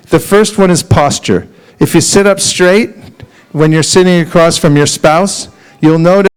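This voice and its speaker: A man giving a lively, humorous devotional talk at a temple and leading group chanting. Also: a little high, clear, resonant tone, rough recording. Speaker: spiritual teacher.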